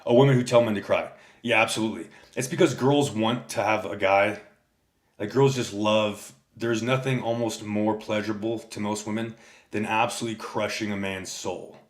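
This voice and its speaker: A man's voice: lowish voice, fairly even intonation, normal speed. A man livestreaming a casual rant, telling stories in a rambling, heavily profane way and answering his chat. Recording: echoey room.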